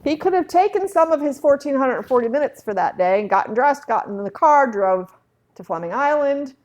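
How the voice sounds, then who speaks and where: A woman leading a real estate software training session, chatty and acting out little dialogues from her anecdotes. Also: sits high, lively intonation, brisk.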